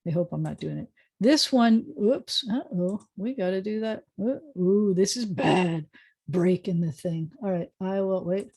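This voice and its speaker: A woman's voice: mid-range voice, a little slow, darkish tone, slightly rough. A woman rabbi teaching a beginners' Hebrew lesson over a video call, patiently sounding out words with chatty asides.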